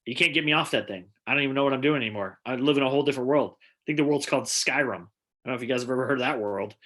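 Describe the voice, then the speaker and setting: A man's voice: medium pitch, very fast, sharp tone. A man hosting a live-streamed comedy show over a video call, chatty and upbeat as he introduces the comedians.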